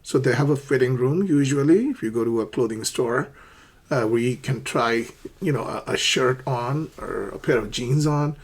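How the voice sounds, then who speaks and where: A man's voice: mid-range voice, normal speed, husky. A man teaching English phrases for shopping, explaining step by step and acting out short shop dialogues, with many check-ins like "okay". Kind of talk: English lesson for learners.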